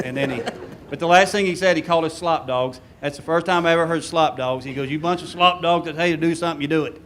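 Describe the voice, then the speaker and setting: A man telling an animated story about his old team and laughing along with it. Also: mid-range voice, slight background noise. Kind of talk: storytelling at a reunion panel.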